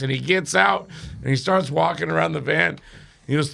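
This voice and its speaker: A man with a gravelly, bright, edgy voice sitting just above the usual pitch, telling rowdy stories in loose podcast talk. He is animated and crude and keeps breaking into laughter as he goes. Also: takes it slowly, long pauses. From rural area. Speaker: podcast guest or co-host. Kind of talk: casual storytelling.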